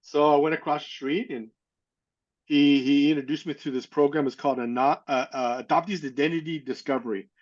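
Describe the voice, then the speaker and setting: A man's voice: a little high, steady tone, brisk. Man telling his story, slightly muffled. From California, USA. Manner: acts out quoted people in his story. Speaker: interview guest. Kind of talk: casual personal storytelling.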